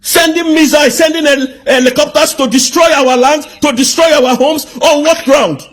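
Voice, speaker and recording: A man's voice: extremely high pitch, normal speed, a bit bright. A man with a Nigerian accent delivering an angry political rant, firing off indignant rhetorical questions. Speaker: commentator.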